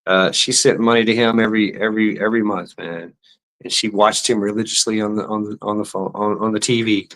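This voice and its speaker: A man's voice: lowish voice, little pitch movement, a little fast, fairly bright tone. A man ranting casually and sarcastically as a vlogger, with lots of stammered repetitions and swearing. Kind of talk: casual profane rant.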